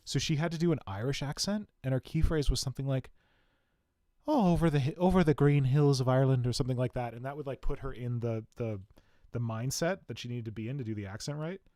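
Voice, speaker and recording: A man's voice: mid-range voice, fast, a little mellow, dry recording, studio quality. A man hosting a podcast in casual chat, telling stories about himself with a chatty, self-mocking manner. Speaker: podcast host.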